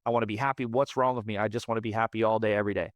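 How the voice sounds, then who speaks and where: A man's voice: on the low side, steady tone, racing, no echo. A man in his late thirties, a podcast guest, telling a raw personal story in a candid, profane, emphatic way, often repeating his words. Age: late 30s. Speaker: podcast guest, band frontman.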